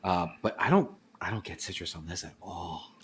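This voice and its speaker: Low-voiced joking man on a podcast. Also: animated, moderate pace, a bit bright, husky. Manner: joking, self-deprecating, rambling. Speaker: podcast guest. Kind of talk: casual podcast chat. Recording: faint background noise.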